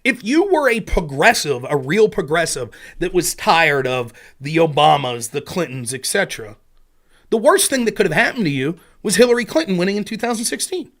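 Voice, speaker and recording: A man's voice: high voice, big pitch swings, moderate pace, a bit bright. A man hosting a political livestream, ranting heatedly and sarcastically with frequent swearing. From Pennsylvania. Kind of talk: profane political rant.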